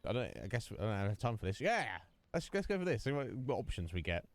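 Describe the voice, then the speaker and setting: A man streaming a video game, commentating in an animated, ranting way and mock-quoting others. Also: medium pitch, fast talker. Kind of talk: live gameplay commentary.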